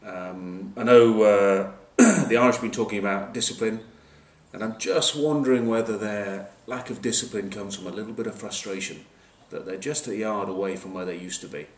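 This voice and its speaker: Man, rugby pundit, low-ish voice, wry asides, distant camcorder in a roomy space. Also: normal speed. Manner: wry, joking asides, many fillers. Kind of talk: casual match preview. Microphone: camcorder mic at a distance.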